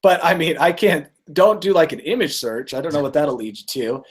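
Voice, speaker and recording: A man's voice: a little high, animated, brisk, slightly rough. A man co-hosting a casual comedy podcast, telling stories and joking, often laughing at his own bits. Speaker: podcast co-host presenting stories.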